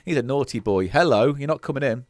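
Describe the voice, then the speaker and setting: A man's voice: mid-range voice, expressive, fast, no echo, studio quality. A man co-hosting a comedy podcast, teasing his partner in a grumpy, sweary way. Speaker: podcast co-host. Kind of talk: casual comedy podcast banter. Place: small recording pod.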